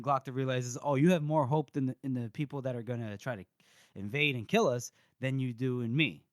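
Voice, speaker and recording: A man's voice: mid-range voice, lively intonation, moderate pace, no room sound, studio quality. A man co-hosting a casual book podcast, animatedly retelling scenes, acting out quotes and swearing. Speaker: podcast co-host.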